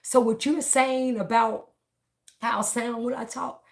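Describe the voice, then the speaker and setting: A woman's voice: on the high side, flat delivery, unhurried, vocal fry. A woman, talking bluntly and defiantly to her viewers in a casual opinion vlog, repeating herself often. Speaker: political vlogger.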